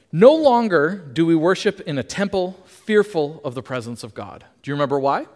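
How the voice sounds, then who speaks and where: Male preacher with a bright, swooping delivery and a conversational sermon style, heard in a church hall with a lingering echo. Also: high-pitched. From Canada. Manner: lively, emphatic, asks the congregation questions.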